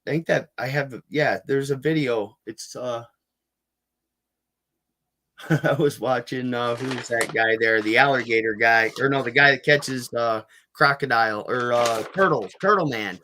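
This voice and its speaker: Rambling male storyteller, mid-pitched. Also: a little slow, pushed and bright, slight background noise. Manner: rambling, with frequent restarts and fillers. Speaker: guest, Bigfoot field researcher. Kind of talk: casual storytelling in a podcast interview.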